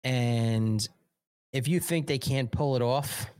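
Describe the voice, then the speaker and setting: A man's voice: mid-range voice, slow pace, darkish tone, clear, resonant tone, dry recording, clean studio sound. A man hosting a live political talk show, delivering emphatic, repetitive commentary laced with swearing.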